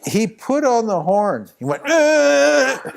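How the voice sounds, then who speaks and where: A man's voice: fairly high pitch, a little slow, noisy background. A man teaching at a spiritual retreat, telling a long anecdote with lots of restarts and chuckles. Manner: rambling, animated anecdote with many restarts and laughs. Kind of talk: storytelling talk at a retreat.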